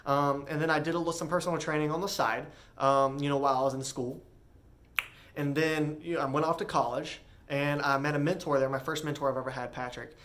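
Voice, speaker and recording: A young man earnestly recounting his personal story, halting often with fillers and restarts. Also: fairly high pitch, fairly even intonation, a bit bright, slight background noise. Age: young adult.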